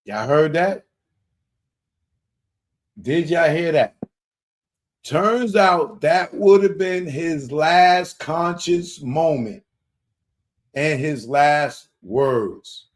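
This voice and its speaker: A man's voice: fairly high pitch, expressive, very slow, long pauses. A man hosting a live show, commenting on clips and putting rhetorical questions to his audience. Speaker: host.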